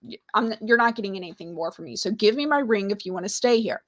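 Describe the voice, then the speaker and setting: A woman's voice: medium pitch, expressive, fast talker, no echo, lightly acted. A woman quoting a matter-of-fact witch. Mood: firm. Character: unflappable woman witch brewing a potion. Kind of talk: retold story with quoted lines.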